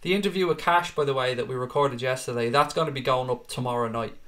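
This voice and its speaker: A man's voice: medium pitch, fast talker, fairly bright tone. A man in his thirties hosting a fan live stream, reading chat and answering in a blunt, chatty way, swearing freely and calling viewers mate.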